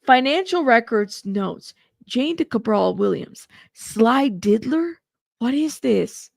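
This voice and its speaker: A young woman hosts live news commentary, reading court updates aloud and reacting with laughter and asides. Her voice is fairly high and creaky, with lively intonation and a slow pace, recorded in clean studio quality with no echo.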